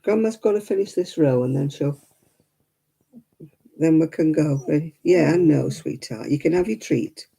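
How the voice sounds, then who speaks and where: Gravelly dark-voiced woman chatting casually. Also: sits low, expressive, normal speed. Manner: chatty, coos baby talk to her dog. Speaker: crafting livestream host. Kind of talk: casual chat while knitting.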